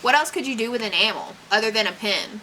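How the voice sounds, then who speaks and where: A woman's voice: on the high side, lively intonation, fast, sharp tone, a little hiss or hum, low-quality recording. A young woman unboxing books in a casual vlog, chatty and gushing, with fillers and little laughs. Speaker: book unboxing vlogger. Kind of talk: casual unboxing chat, reading blurbs aloud.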